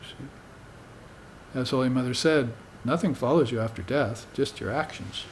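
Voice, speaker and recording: A man giving a spiritual dharma talk to students in an unhurried, conversational way, often tagging his points with "you see". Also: mid-range voice, slight background noise. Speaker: spiritual teacher.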